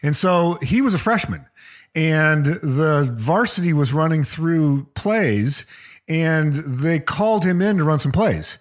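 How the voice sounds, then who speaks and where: A man with a slightly high, very lively voice leads a casual chat, telling football stories with energy. He jumps into quoted lines as he narrates, and his pitch swings widely. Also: takes it slowly. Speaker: podcast co-host.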